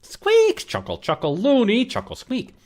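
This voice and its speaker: Guy doing a squeaky little pet ferret, chittering all over the place, super bouncy. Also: huge pitch swings, a little slow, full character voice. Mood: playful. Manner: repeats "squeak" and "chuckle" in a high silly voice. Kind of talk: comic let's-play voice gag.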